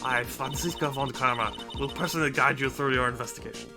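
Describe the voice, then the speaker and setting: A man's voice: mid-range voice, steady tone, fast talker, over music, natural voice. A man voicing an imperious young woman prosecutor with a put-on German accent. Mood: haughty. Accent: mock German. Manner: cold, imperious, clipped. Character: haughty young female prosecutor.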